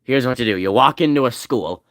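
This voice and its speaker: Brief: man voicing a Southern-accented rural American man, slow low drawl, dry close sound. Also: animated, gravelly, a bit bright, no room sound. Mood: mock-cheery.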